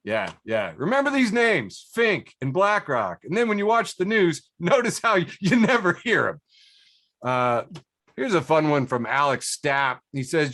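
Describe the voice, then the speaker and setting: A man's voice: mid-range voice, big pitch swings, normal speed, fairly bright tone, no echo, studio quality. A man hosting a casual podcast chat over a video call. He reads social media posts aloud, laughs often and puts funny voices on the quotes. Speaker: podcast host.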